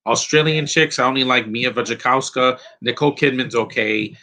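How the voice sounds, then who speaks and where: Rambling opinionated man, bright voice. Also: medium pitch, normal speed, poor audio. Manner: rambling, opinionated, with frequent restarts. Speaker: film commentator. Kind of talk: casual live movie commentary.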